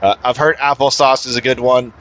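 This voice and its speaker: A man's voice: medium pitch, flat delivery, brisk, fairly bright tone. A man talking in a casual, rambling, profane monologue while driving at night. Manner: profane, rambling, talks to other drivers. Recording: slightly dull lo-fi sound, faint road noise. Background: faint traffic and engine noise.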